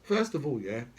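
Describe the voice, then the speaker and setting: A man's voice: extremely high pitch, pushed and bright. A British man hosting his own channel, giving an angry, profane political rant to camera and tagging "right?" onto his lines. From Britain. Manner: profane, repetitive, keeps asking "right?". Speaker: channel host.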